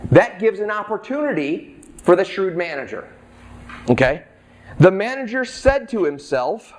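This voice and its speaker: Middle-aged man, high voice, chatty pastor delivering a sermon. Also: expressive, moderate pace. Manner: conversational, acts out the characters' lines.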